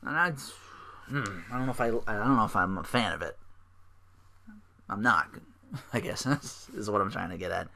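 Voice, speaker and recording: A man hosts a casual solo podcast and recaps events in a loose, rambling way. He leans on fillers and swears freely. His voice has a bright, forward edge. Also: lowish voice, moderate pace, vocal fry, pauses often, a little hiss or hum. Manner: rambling, profane, lots of fillers. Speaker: podcast host.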